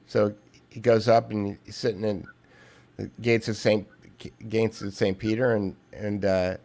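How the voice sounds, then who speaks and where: A man as a podcast guest, chatting casually and telling a joke in a halting, rambling way full of restarts, heard over a remote call. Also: fairly low pitch, level tone, darkish tone. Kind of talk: casual conversation with storytelling.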